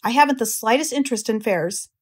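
A woman's voice: fairly high pitch, lively intonation, fast talker, slightly rough. A woman doing a grumbling greedy barn rat. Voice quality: grumbling, eager for food.

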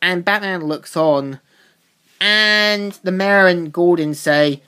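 A woman talks through a comic's plot in a loose, casual recap, circling back and restarting her sentences as she goes. Her voice is fairly low for a woman. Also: slow pace, fairly bright tone, clear, resonant tone. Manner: rambling retelling with loose restarts. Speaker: comic book reviewer.

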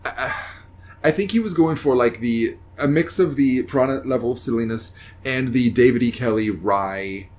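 A man's voice: mid-range voice, normal speed, darkish tone, a little hiss or hum. A man hosting a casual podcast, joking and thinking aloud with hesitant restarts. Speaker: podcast host.

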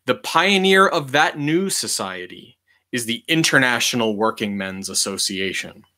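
A man reading a history book aloud in a measured, deliberate way, leaning on key words for emphasis. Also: mid-range voice, expressive, pushed and bright.

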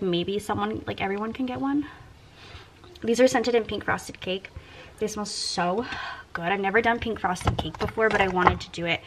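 A young woman, chatting casually to camera about her small business, gushing and sometimes dropping to a whisper. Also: mid-range voice. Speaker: vlogger running a small wax melt business.

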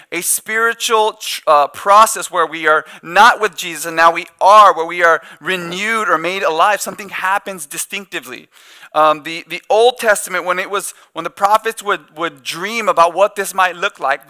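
A man delivers a sermon in church with a loose, conversational touch, dropping joking asides as he goes. His voice sits high and sounds very bright and forceful. He talks like he's chatting with the congregation. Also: clear, resonant tone. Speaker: pastor.

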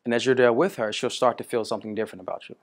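Male dating coach, casual lively storyteller, mid-range voice. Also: medium pitch, racing. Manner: animated storytelling, acts out quoted women. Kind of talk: coaching talk to a student.

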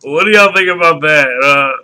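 A man's voice: a little high, moderate pace, bright, forceful tone. Brash, profane male vlog host. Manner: brash, profane, addresses viewers directly. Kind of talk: casual vlog talk.

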